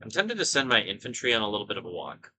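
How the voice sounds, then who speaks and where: A man giving casual commentary over his own gameplay, thinking aloud as he goes. His voice sits low but rings bright and forceful. He drifts into rambling asides and corrects himself along the way. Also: very animated, racing, poor audio. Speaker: gaming video host.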